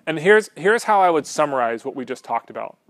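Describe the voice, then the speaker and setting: A man's voice: on the high side, a little fast, no echo. Casual preacher man, dry close sound. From Southern California. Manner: casual, animated, asks the room "right?". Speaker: pastor. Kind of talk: conversational sermon.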